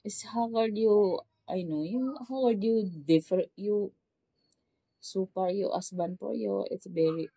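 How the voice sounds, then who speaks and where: A woman's voice: mid-range voice, measured pace, vocal fry, warm tone, slightly rough, no echo, rough recording. A woman with a Filipino accent vlogging casually in broken English, emotional and plaintive, worn down by the heat. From Philippines. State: overheated from the heat. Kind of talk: casual vlog chat. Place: simple rural home in the tropics.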